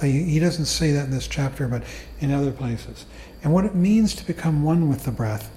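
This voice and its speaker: A man giving a calm, unhurried dharma talk as a meditation teacher to a group. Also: mid-range voice, a little hiss or hum. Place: meditation hall. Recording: echoey room recording.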